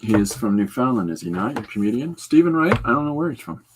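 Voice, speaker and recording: A man hosting a podcast, chatting casually while he draws, rambling and breaking off into quick asides. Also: mid-range voice, very animated, background noise. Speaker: podcast host. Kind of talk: casual chat while drawing.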